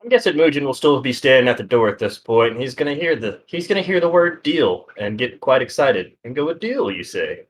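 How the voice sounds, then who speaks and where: A man's voice: medium pitch, lively intonation, brisk, hardly any pauses. Man playing a tabletop game. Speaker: player. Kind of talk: tabletop role-play chat.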